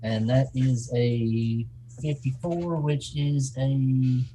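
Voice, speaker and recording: Brief: mid-pitched man, laid-back tabletop player, faint noise. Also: fairly even intonation, slow, warm tone, poor audio. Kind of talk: tabletop game play.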